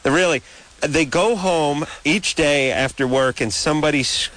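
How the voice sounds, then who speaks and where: A man's voice: a little high, normal speed, fairly bright tone, no echo. Exasperated male radio host telling stories. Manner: rambling, exasperated, acts out both sides of exchanges. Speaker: radio talk show host. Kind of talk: casual comic storytelling.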